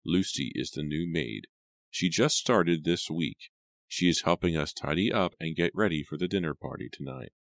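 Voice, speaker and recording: A man's voice: very deep voice, lively intonation, normal speed, creaky, no room sound, clean studio sound, exaggerated voice. A man narrating an audiobook voices a deferential middle-aged housekeeper who speaks politely and formally.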